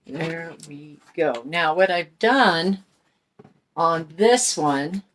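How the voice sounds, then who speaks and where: A woman's voice: deep voice, expressive, very slow. A middle-aged woman hosting a crafting channel, chatting in a folksy way while she paints and explains each step. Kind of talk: casual craft tutorial talk.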